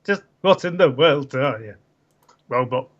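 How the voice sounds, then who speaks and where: A wary young brother in a visual novel, read by a man, stumbling and halting over his words. The pace is slow and drawn out, the pitch swings widely, and the sound is muffled and lo-fi. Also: lively intonation. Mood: baffled. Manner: hesitant, halting.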